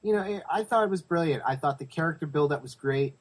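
A man's voice: fairly high pitch, fast talker. A man co-hosting a podcast in casual chat, enthusiastic and swearing freely. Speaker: podcast co-host.

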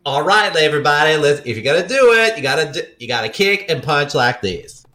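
A bouncy Southern-tinged fitness instructor, as a man puts him on, pitched up high and rattling along at speed. He shouts his pep talk at the class like a cheerleader. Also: very animated, a little fast. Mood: hyped.

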